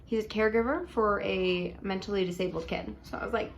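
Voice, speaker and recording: A young woman casually telling a dating story at home in a chatty, animated way, full of likes and ums. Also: mid-range voice, fairly quick, creaky, a little hiss or hum. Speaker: vlogger.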